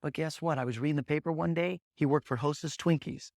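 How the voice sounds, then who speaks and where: Man, high voice, motivational sales trainer, energetic storyteller, dry close sound. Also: fast talker, gravelly, no echo. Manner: energetic storyteller, drills points with repeated "guess what" and "okay?"; blunt, punchy coaching delivery. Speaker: agency leader training new agents.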